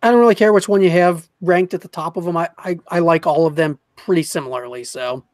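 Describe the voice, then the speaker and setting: A man's voice: fairly high pitch, quick pace, a little mellow, dry recording. Laid-back man on a dry mic. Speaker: podcast co-host. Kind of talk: casual sports chat.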